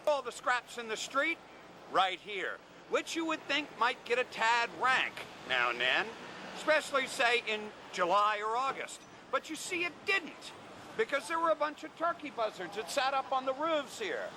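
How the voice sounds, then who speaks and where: A wry, joking man from the American South leads a walking tour at an outdoor market. His voice sits high and leaps about lively. Loud traffic and street sounds fill in behind him. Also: normal speed. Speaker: tour guide.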